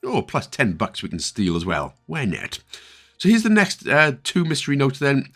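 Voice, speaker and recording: A man's voice: mid-range voice, huge pitch swings, moderate pace, fairly bright tone, soft background music. A man with a Northern Irish accent talking through a video game walkthrough, chatty and full of jokey asides. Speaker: video game guide creator. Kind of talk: casual gameplay walkthrough commentary.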